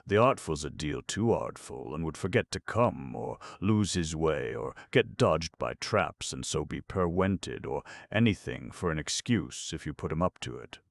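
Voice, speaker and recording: A man's voice: extremely low pitch, lively intonation, unhurried, creaky, few pauses, no room sound, full character voice. A man voicing a surly, bitter male burglar who growls threats and demands. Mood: growling.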